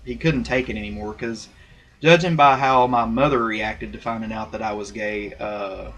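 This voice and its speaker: A young male vlogger records himself on a laptop webcam mic, telling a personal story in a candid, rambling way full of fillers and restarts. His voice is lowish and a bit bright, with fairly even intonation at a moderate pace.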